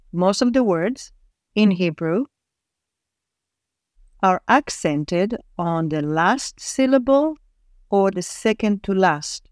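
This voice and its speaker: A woman teaching a Hebrew reading lesson, sounding out syllables and words slowly and deliberately. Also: mid-range voice, a little mellow, clean tone, no room sound, clean studio sound.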